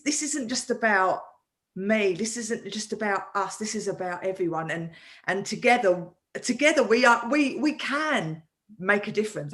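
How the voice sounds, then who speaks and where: A woman hosting a live online talk as a coach, animated and often restarting her sentences over a video call. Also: mid-range voice. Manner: animated, with many repeated restarts. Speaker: host and coach.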